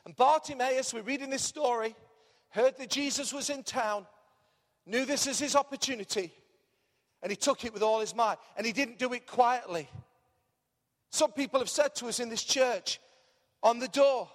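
A man preaching a lively sermon as pastor, his voice strained, calling the congregation to repeat words back. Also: very high-pitched, normal speed, long reverb tail. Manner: energetic, animated preaching with call-and-response.

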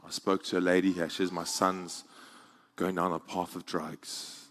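A man preaching a sermon in a church, moving from quiet, intimate passages to loud, soaring climaxes. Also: deep voice, flat delivery, normal speed. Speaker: pastor.

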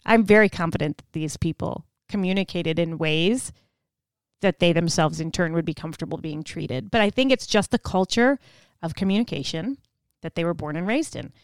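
A woman hosting a podcast, telling stories in an animated way and laughing often as she acts out other people's voices. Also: lowish voice, normal speed, clean tone, dry recording. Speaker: podcast host. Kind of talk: storytelling monologue.

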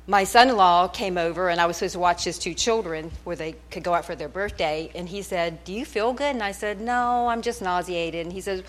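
At a church service, a middle-aged woman gives a nervous personal testimony into a handheld mic, telling her story chattily and laughing often. Her lowish voice is brisk, with hardly any pauses.

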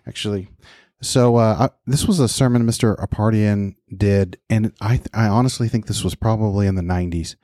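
A man's voice: lowish voice, moderate pace, hardly any pauses, warm tone, dry recording, clean studio sound. A man in his fifties co-hosting a podcast, talking reflectively in a casual conversation with frequent restarts. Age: 50s. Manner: reflective, talks with many restarts. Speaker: podcast co-host.

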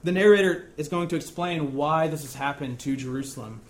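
A man's voice: a little high, brisk. A young man preaching a sermon in a conversational, self-deprecating storytelling way.

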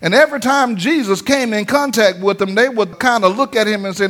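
High-voiced pastor, animated sermon, acts out voices. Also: male voice, fairly quick, few pauses. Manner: lively preaching, acts out voices, laughs often. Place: church sanctuary.

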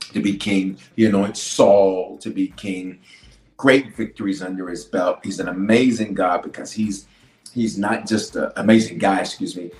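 A man preaching a sermon as a bishop, swinging from loud declarations to hushed lines and repeating phrases for emphasis. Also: low-pitched, reverberant, rough recording.

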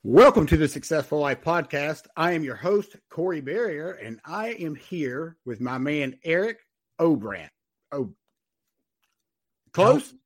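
A man with a Southern US accent hosting a podcast with energetic, hyped-up salesman delivery. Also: a little high, unhurried. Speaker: podcast host.

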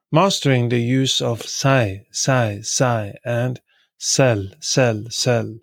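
A man teaching a language lesson, repeating each example word three times in a measured way with occasional fillers. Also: mid-range voice, gravelly, no echo. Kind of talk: slow repetitive lesson.

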